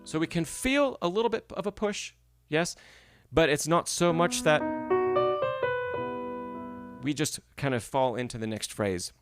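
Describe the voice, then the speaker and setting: A man teaching piano in a live masterclass, explaining phrasing patiently and checking in often with the student. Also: medium pitch. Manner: patient, explanatory, frequent "right?" and "yes?" check-ins. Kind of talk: live-streamed masterclass feedback.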